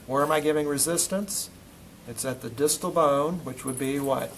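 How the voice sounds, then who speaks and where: A man's voice: a little high, normal speed, a little hiss or hum, rough recording. A male instructor teaching a classroom lesson, quizzing students as he demonstrates muscle testing on a volunteer. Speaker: physical therapy instructor.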